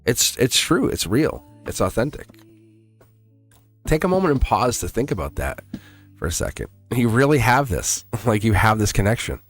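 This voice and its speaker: A man's voice: medium pitch, sing-song, normal speed, faint music behind. A man giving a live-streamed tarot reading in an earnest way, repeating himself and laughing often. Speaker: tarot reader.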